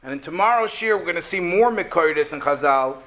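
A man teaching a Torah lesson, retelling a story as a lively storyteller who asks his listeners rhetorical questions. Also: a little high, brisk, slight background noise.

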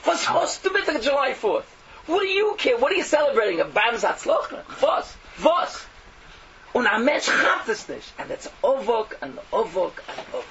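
A man giving a fiery sermon, mocking and animated, swinging from loud outbursts to hushed asides, on a dull lo-fi recording. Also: very high voice, normal speed. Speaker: preacher. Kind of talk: fiery Yiddish-laced sermon. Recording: dull lo-fi recording with faint noise.

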